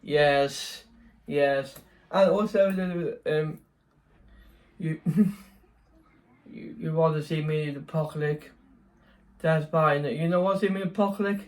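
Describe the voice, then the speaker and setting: A man's voice: a little high, takes it slowly, pauses often, a little mellow. A young man chatting casually in a vlog, rambling, correcting himself and laughing often. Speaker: vlogger.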